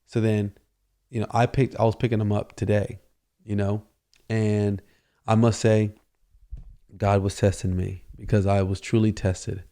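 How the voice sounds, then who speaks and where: A man's voice: on the low side, flat delivery, measured pace, pauses often, mellow. A man hosting a podcast, telling a casual story and rambling with constant "you know" fillers. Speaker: podcast host.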